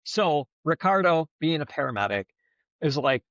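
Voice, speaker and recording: A man's voice: on the high side, big pitch swings, normal speed, fairly bright tone, no room sound. A man co-hosting a podcast, telling a story in a rambling, profane, casual way. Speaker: podcast co-host. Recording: dull, slightly lo-fi dry sound.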